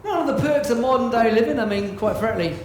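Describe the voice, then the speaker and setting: A man's voice: extremely high pitch, lively intonation, quick pace, darkish tone, a little hiss or hum. A man playing a boisterous pirate captain on a theatre stage, singing and reciting rhyming verse to a live audience. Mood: earnest recital. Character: boisterous old-time pirate captain, male. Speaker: solo stage performer. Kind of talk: live theatre show with songs and poems. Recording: echoey live theatre with music.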